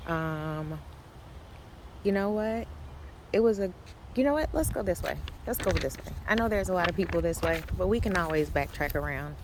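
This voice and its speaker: A woman's voice: on the low side, background noise. A woman giving a casual walking tour of a cemetery, talking to viewers through a handheld phone, chatty and apologizing for her cursing. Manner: chatty, apologizes for cursing, exclaims when startled. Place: outdoors in a windy cemetery. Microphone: handheld phone camera.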